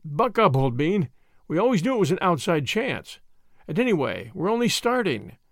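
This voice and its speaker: A man's voice: high voice, very animated, moderate pace, dry recording, clean studio sound. A man voicing a confident, teasing young man adventurer in a storybook reading, jaunty and self-assured.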